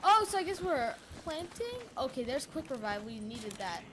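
High-voiced excitable gaming commentator woman. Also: moderate pace. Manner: rambling, excitable, many fillers like "you know". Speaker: gaming YouTuber. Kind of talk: casual let's play commentary. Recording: home recording with loud background noise.

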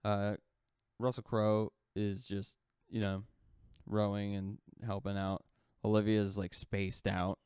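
Male podcast co-host, deep and smooth, loose rambling storyteller, close dry mic. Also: little pitch movement, slow pace, a little mellow, no echo. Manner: loose rambling retelling, heavy on "like" fillers. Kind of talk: casual storytelling.

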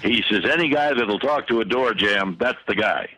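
An older man, a podcast guest, telling long rambling anecdotes full of fillers and restarts in a husky voice. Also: fairly low pitch, moderate pace, bright, forceful tone, slight background noise, low-quality recording. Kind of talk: anecdotal storytelling in a podcast interview.

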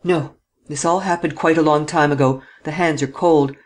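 A man's voice: on the high side, fairly even intonation, normal speed, natural voice. A man reading an audiobook and voicing a short-tempered chief detective who snaps out orders. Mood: curt. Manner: curt, commanding. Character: curt ill-tempered male chief detective.

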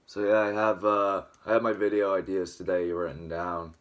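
A man's voice: low-pitched, little pitch movement, moderate pace, lo-fi sound. A young man with a dry throat, rambling casually to camera at home early in the morning, still waking up. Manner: rambling, filler-heavy, just waking up. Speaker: vlogger.

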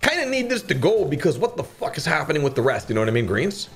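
A man's voice: on the high side, big pitch swings, quick pace, faint music behind. A man streaming slot games, who keeps up profane, joking commentary and talks back to the games as he plays. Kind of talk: casual gambling commentary.

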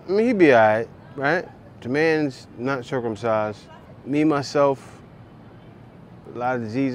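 A man's voice: medium pitch, slight background noise. A man in his forties hosting, joking and commenting on clips in casual reaction talk. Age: 40s. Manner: joking, laughing, lively asides. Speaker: host reacting to videos.

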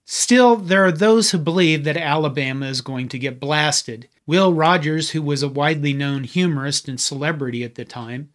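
A man's voice: fairly high pitch, moderate pace, hardly any pauses, fairly bright tone. A man hosting a history channel, giving a scripted narration with conversational, wry asides.

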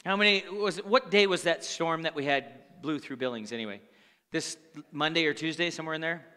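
Fairly quick in his delivery, a male pastor preaches in a high, bright, ringing voice, talking to the congregation conversationally and dropping in call-and-response asides. The recording carries the long hall reverb of the church sanctuary.

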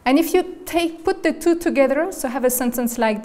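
A woman's voice: high-pitched, a little fast, hardly any pauses, a little mellow. A woman giving an academic lecture as guest speaker. She explains step by step and often checks in with "okay?" and "right?". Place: lecture hall. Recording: reverberant lecture hall.

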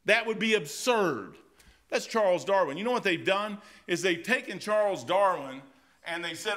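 A middle-aged man delivers a sermon in a folksy, conversational way. His voice sits a little high and rings bright and forceful. He swings from loud, driving swells down to quiet, intimate drops. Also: expressive, normal speed. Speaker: pastor.

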